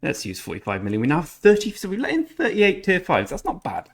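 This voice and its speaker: A man's voice: high voice, huge pitch swings, quick pace, creaky. A man rambling through casual commentary over his strategy game, often correcting himself mid-sentence. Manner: chatty, rambling, self-correcting. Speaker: gaming channel host.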